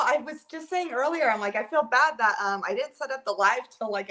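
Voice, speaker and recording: A woman's voice: a little high, pushed and bright. A woman chatting casually at home with viewers of her live stream, rambling and using many filler words, recorded by a camera on a holder. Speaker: livestream host.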